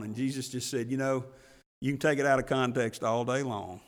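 A man's voice: medium pitch, steady tone, a little fast. Man preaching a sermon in a hall. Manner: preaching with rising fervor, acting out quoted voices. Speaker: pastor.

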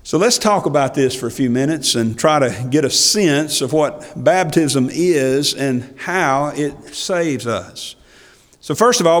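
Man preaching in a reverberant church. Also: a little high. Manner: preaches with rising emphatic passages and quiet drops; reads scripture aloud in old-fashioned wording. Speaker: pastor. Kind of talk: sermon. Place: church sanctuary. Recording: long hall reverb from a church.

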